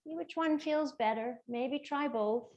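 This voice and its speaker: A woman teaching a gentle yoga class, with soft, playful step-by-step cues. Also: high-pitched, muffled recording, slight background noise. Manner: soft, slow, playful cueing.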